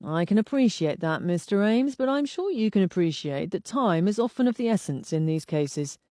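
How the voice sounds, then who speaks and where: A woman reading the part of a calm, steady male police inspector who speaks in a measured, formal way. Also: high-pitched, dry recording, studio quality. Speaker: detective inspector.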